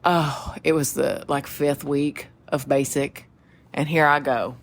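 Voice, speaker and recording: A woman with a Southern US accent, co-hosting a podcast and telling stories in casual chat, animated, laughing often and acting out quoted voices. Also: low-pitched, takes it slowly, a little hiss or hum. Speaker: podcast co-host.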